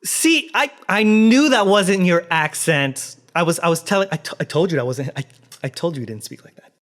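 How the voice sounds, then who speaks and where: A man imitating an excited fan who gushes and then insists, stumbling over the words. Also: fairly high pitch, rapid-fire. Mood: insistent. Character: excited fan recognizing an actor in a grocery store.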